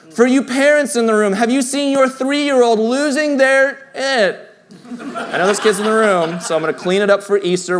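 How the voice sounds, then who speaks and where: A man in his thirties preaching a sermon in a church, earnest and conversational, rising to emphatic points and dropping to quiet, tender passages. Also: very high-pitched. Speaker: pastor. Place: church sanctuary.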